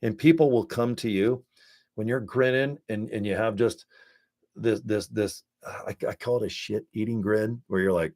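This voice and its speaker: A man from the United States talks to his viewers through a webcam at his home desk. He rambles in a chummy, offhand way, often slipping into little acted-out asides. His voice sits fairly low. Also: fairly even intonation, moderate pace, a little mellow. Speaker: network marketing promoter. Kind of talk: casual webcam pitch to viewers. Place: home desk setup with screens and ring light.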